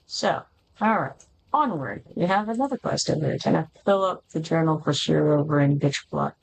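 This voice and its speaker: Low, gravelly-voiced woman streaming a game. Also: expressive, normal speed, low-quality recording. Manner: reads game dialogue aloud in her own voice with fillers. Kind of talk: casual gameplay chat, reading quest dialogue aloud.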